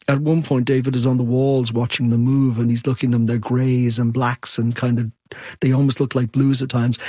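A man's voice: mid-range voice, warm tone, slightly rough, dry recording. A man answering interview questions in a reflective, musing way, then reading aloud from his book. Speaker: author.

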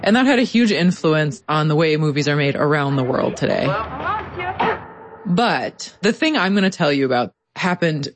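A woman reporter narrating a radio story in a clear, engaged storytelling manner. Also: deep voice, expressive, moderate pace. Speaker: contributing editor, reporter.

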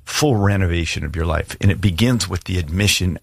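Husky deep-voiced male pastor preaching. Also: wildly swooping pitch, moderate pace, dry recording, clean studio sound. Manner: earnest, pleading, shifts from hushed prayer to emphatic. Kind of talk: sermon with altar call.

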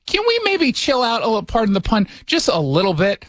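Sarcastic high-voiced male radio host. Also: wildly swooping pitch, moderate pace, dry recording. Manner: sarcastic, joking, rhetorical questions. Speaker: radio talk show host. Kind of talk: casual political commentary chat. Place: his radio studio. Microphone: studio mic.

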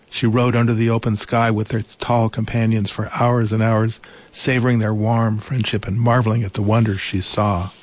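A man reading a children's storybook aloud in a gentle, unhurried way, adding small asides. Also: lowish voice.

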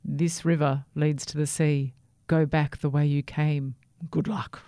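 Woman reading a brisk, helpful rat. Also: low-pitched, flat delivery, warm tone, clear, resonant tone, no echo, studio quality.

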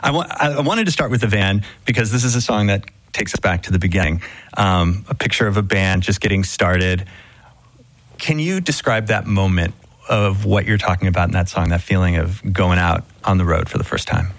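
A man hosting a radio music show, reading a smooth intro and then asking friendly questions. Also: low-pitched, moderate pace. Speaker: radio host.

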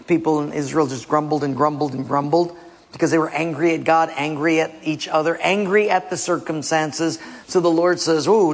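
A male pastor preaching a sermon with animated delivery, acting out little skits and quizzing the listeners. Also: a little high. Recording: long hall reverb.

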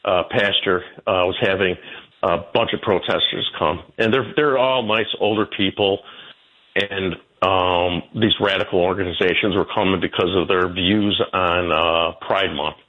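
A man in his sixties, a guest telling stories in a rambling way, his pitch jumping about as he goes. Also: steady tone, unhurried. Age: 60s. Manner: rambling storyteller, jumping pitch, laughs between. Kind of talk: casual interview talk. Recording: tinny phone line.

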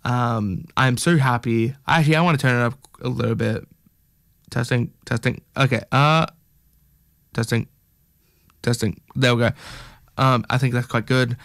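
A man's voice: medium pitch, steady tone, moderate pace, a bit bright. A young man hosting a stream, chatting casually in a joking, rambling, self-mocking way. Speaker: stream host.

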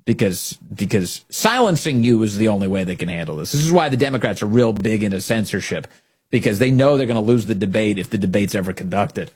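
A man's voice: fairly low pitch, animated, quick pace, darkish tone, slightly rough. A man hosting a political commentary show, talking in a mocking, sarcastic monologue.

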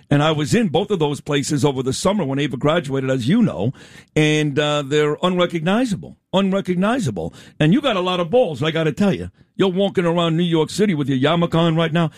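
A man's voice: fairly high pitch, no echo, studio quality. A middle-aged man hosting an interview show, talking emphatically and telling stories with lots of energy. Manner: emphatic and animated, storytelling. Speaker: talk show host. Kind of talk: conversational interview.

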